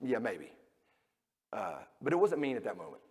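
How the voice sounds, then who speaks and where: A middle-aged man preaching a sermon as a pastor, telling stories and acting out the people in them, moving from loud to hushed. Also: mid-range voice, very animated, normal speed, slightly rough, in a large hall. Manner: storytelling, acting out quoted voices, swings between loud and hushed.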